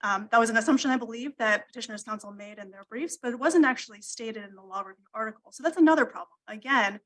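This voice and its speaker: A woman lawyer making a formal argument to appellate judges, measured and deferential, with frequent ums. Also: on the high side, a bit bright, low-quality recording. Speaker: attorney arguing appeal. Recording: courtroom livestream audio.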